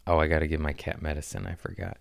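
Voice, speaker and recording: Low-voiced man telling a rambling story. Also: steady tone, quick pace, gravelly, no room sound. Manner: rambling, laughs often, swears casually. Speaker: podcast host and stand-up comic. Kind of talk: casual storytelling chat.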